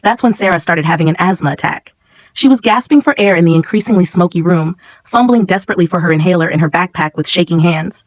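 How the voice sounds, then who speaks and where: A woman narrating a scripted first-person story in a steady, tense way. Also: lowish voice, no room sound, low-quality recording.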